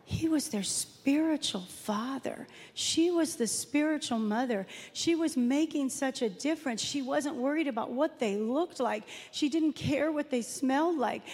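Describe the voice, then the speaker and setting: A woman's voice: high-pitched, a little mellow. Woman preaching in a reverberant church. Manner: conversational storytelling, acts out quotes. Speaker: pastor. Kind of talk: sermon. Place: church sanctuary. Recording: long hall reverb.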